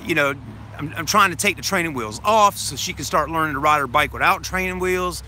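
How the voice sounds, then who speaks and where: Rambling man with a bright voice. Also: a little high, brisk, a little hiss or hum. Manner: rambling, repeats himself, talks to the audience; swears casually. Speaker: vlogger on a live stream. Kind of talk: casual storytelling.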